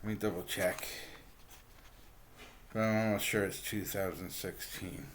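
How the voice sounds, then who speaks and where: Guy with a lowish voice chatting about a comic book, easygoing, lots of ums and little laughs. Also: a little hiss or hum. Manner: relaxed, halting, many ums and uhs, chuckles often. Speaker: book reviewer, channel host. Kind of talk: casual comic book review.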